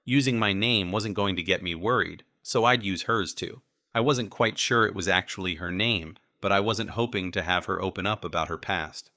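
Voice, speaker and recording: A man reading a first-person audiobook in a steady, wry way. His voice is deep and forceful. The recording is dry and close, with no room sound. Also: moderate pace, no room sound. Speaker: audiobook narrator.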